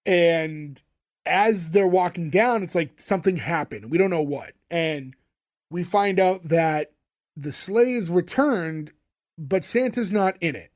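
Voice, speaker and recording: Male podcast co-host, high voice, rambling casual recap. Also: animated, takes it slowly. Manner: rambling, filler-heavy, laughs often. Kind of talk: casual chat recapping a TV episode.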